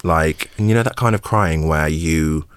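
An English actor, appearing as a podcast guest, shares a personal story openly and with feeling, repeating words and laughing his way through painful memories. His bass voice is clear and resonant, delivered at a normal pace in a dry recording.

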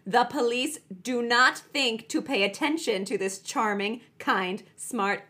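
Lively, chatty woman host. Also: a little high. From Utah. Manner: chatty, jokey asides, drops into grave tone for facts. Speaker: podcast host telling the case. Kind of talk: casual true-crime podcast storytelling.

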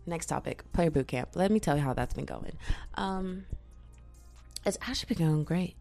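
Young woman podcasting from her bedroom, low gravelly voice, super chatty and slangy. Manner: chatty, slangy and animated, with playful asides. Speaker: podcast host. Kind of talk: casual chat.

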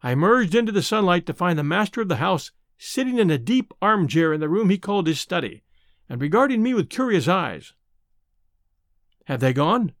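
A man narrating a classic adventure novel in the first person, with measured storytelling. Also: high-pitched, sing-song, no echo, clean studio sound. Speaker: audiobook narrator.

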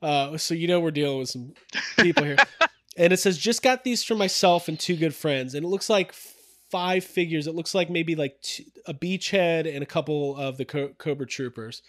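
A man's voice: on the high side, moderate pace, bright, forceful tone, no echo, studio quality. A man co-hosting a casual podcast, laughing as he reads online comments aloud in a mocking tone. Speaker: podcast co-host.

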